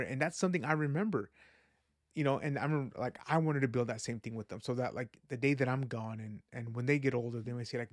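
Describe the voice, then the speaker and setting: Talking quickly at a medium pitch, a man hosts a podcast with an informal solo monologue, sincere, thoughtful and shaped by his faith. His speech wanders and restarts, full of "you know" and "like." The recording is dry and close, without echo.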